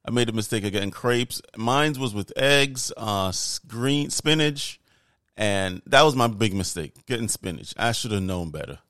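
A man co-hosting a podcast, telling stories in casual chat with animated, profane energy. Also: on the low side, normal speed, no room sound, studio quality. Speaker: podcast co-host.

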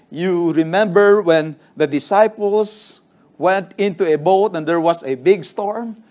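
A man's voice: high voice, darkish tone. A man preaching a sermon to his congregation, telling the stories in an earnest way and acting out the quotes. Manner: storytelling with acted quotes, earnest.

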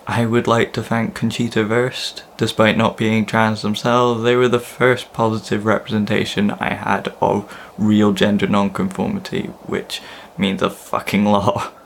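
A man's voice: fairly low pitch, a little hiss or hum. A young adult man, speaking earnestly in a personal coming-out video, with casual swearing. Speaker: vlogger.

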